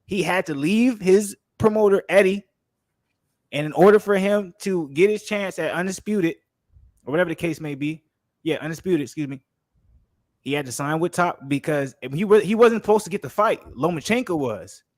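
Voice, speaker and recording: A man co-hosting a casual podcast chat, explaining things in a rapid, emphatic way. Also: high voice, no room sound, clean studio sound. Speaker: podcast co-host.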